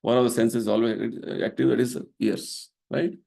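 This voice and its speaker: A man's voice: medium pitch, fairly even intonation, moderate pace, vocal fry, mellow. A middle-aged man giving a devotional lecture at a temple, explaining his points earnestly and checking in with the listeners by asking "right?". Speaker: temple vice president giving a spiritual talk.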